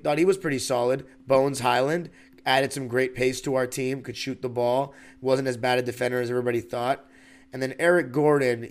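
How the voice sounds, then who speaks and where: A man hosting a sports podcast, making his case to listeners in an animated, argumentative way. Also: medium pitch. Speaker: podcast host.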